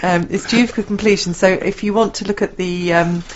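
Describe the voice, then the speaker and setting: A woman co-hosting a radio show, reading announcements with lively, playful banter. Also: mid-range voice, fairly quick, dull audio, slight background noise. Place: radio studio. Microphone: studio microphone.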